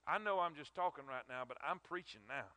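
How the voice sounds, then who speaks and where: Preacher guy, high voice, emotional, repeats himself a lot, dry sound. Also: lively intonation, fairly quick, sharp tone, no room sound. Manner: emphatic, repetitive, emotional. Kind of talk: sermon.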